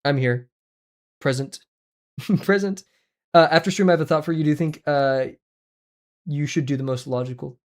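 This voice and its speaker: Excitable young man chatting on a livestream. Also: a little fast, pauses often. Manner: rambling and excitable, jumps in pitch, laughs often. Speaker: art livestreamer. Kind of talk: casual chat with viewers while drawing.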